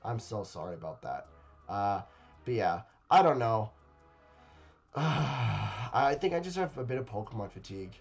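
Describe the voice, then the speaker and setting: A man's voice: fairly low pitch, sing-song, a little slow, creaky, slightly rough, highs cut off, faint music behind. A man reacting to a game trailer in casual commentary, rambling and hesitant with lots of fillers and repeated words, recorded at a home webcam setup.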